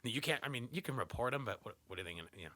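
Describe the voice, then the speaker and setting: A man's voice: medium pitch, rapid-fire, no echo. A young man hosting a podcast, talking in loose, profane banter and mimicking people as he goes. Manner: profane, animated, mocks people in put-on voices. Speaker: podcast host. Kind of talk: casual crude banter.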